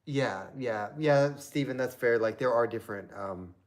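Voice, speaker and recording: A man's voice: medium pitch, moderate pace. A man from Southern Indiana hosting a live stream, chatting casually in a rambling way with lots of fillers.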